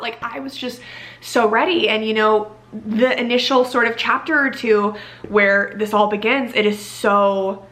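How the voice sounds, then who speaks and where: A woman's voice: fairly high pitch, steady tone, measured pace, fairly bright tone. A young woman reviewing a book in casual, gushing chat, filling her talk with "like". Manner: gushing, filler-heavy with frequent "like".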